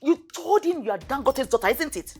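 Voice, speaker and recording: A loud scolding Nigerian mother. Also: high-pitched, expressive, a little fast, soft background music. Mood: shouting. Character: stern scolding middle-aged Nigerian mother. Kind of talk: film drama acting.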